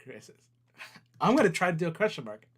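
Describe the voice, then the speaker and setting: A man with a slightly high voice hosts a relaxed livestream from his desk. He talks straight to his viewers as he clicks through things on screen, and laughs easily. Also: fairly quick, breathy edge. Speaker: company CEO hosting a livestream. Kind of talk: casual livestream chat.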